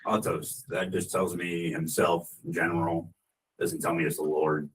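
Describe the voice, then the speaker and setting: A man's voice: low voice, little pitch movement, unhurried, slight background noise, poor audio. A man asking a student's puzzled questions in a class.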